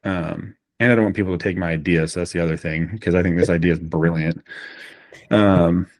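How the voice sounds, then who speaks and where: Low-voiced man telling stories animatedly. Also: fairly quick, no echo, clean studio sound. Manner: animated storyteller, frequent fillers. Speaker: guest. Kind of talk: casual podcast conversation.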